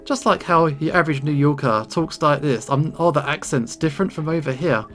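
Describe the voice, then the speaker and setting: A man's voice: on the high side, brisk, faint music behind, close to an everyday voice. A man doing a hammy joking schoolgirl. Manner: cheeky, hammy, fond of silly accents. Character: playful clowning teenage girl student.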